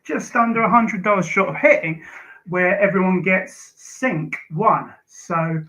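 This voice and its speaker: A man, a comic creator and guest, pitching his crowdfunding campaign in a livestream chat. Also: unhurried, sharp tone. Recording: dull lo-fi stream audio.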